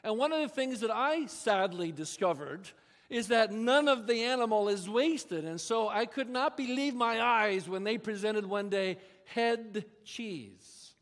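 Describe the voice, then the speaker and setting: High-voiced man preaching in a church hall. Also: animated, a little slow, fairly bright tone. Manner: conversational, folksy asides to the congregation. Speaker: pastor. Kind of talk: sermon. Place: church sanctuary. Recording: long reverb of a church hall.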